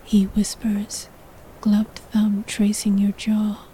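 A woman's voice: medium pitch, completely flat delivery, slow, dark tone, a little hiss or hum, poor audio. A woman narrating a sensual story in the second person, in a whispered role-play.

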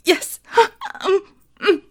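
A woman voicing a breathless, eager lover in whispered role-play, with soft moaning whispers that break into sudden high cries. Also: extremely slow. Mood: aroused.

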